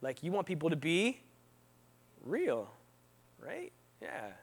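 A man who is no longer young preaching a casual, conversational sermon, often quizzing his listeners with "right?" and "what?". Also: high-pitched. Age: not young. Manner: lively, quizzes the audience with frequent "right?" and "what?".

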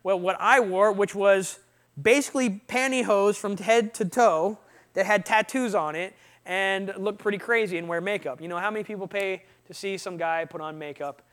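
A man sharing his testimony with students in an animated storytelling talk, often asking the audience questions. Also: high voice, moderate pace.

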